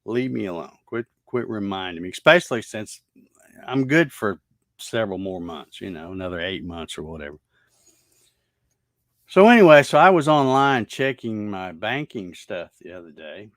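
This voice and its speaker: A man's voice: mid-range voice, no echo, clean studio sound. A man, casually telling a long story over his morning coffee, rambling with lots of fillers and restarts. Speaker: host.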